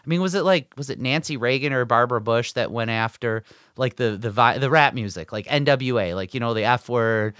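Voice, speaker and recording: A man's voice: mid-range voice, a little fast, fairly bright tone, smooth, no room sound, clean studio sound. A man in his forties co-hosting a podcast, telling stories in a rambling, filler-heavy casual chat. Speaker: podcast co-host.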